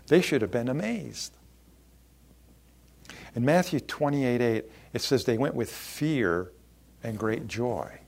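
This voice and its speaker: A man preaching a sermon, expressive and acting out the people he quotes. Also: medium pitch, creaky, a little hiss or hum. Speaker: pastor.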